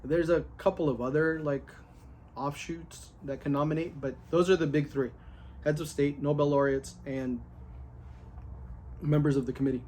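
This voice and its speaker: A man in a casual, excited recap of his day, candid, full of fillers and with the odd curse. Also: on the high side, normal speed, long pauses, slight background noise. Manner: candid and excited, with many fillers and a bit of cursing.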